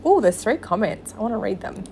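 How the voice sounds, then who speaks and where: A woman's voice: medium pitch, sing-song, a little fast, darkish tone, slight background noise. A woman hosting a podcast, reading posts aloud and breaking off into sarcastic, swearing asides with frequent laughter. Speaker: podcast host.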